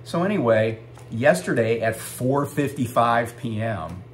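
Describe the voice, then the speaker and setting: A man's voice: medium pitch, animated, measured pace, slight background noise. A middle-aged man who drives a truck, telling a story in a casual, ranting vlog and swearing freely.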